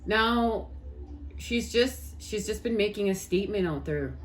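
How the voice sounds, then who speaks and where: A woman's voice: medium pitch, lively intonation, unhurried. A woman with a Canadian accent gives a casual spiritual talk to her viewers, earnest and repetitive, often calling them guys. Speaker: spiritual tarot reader.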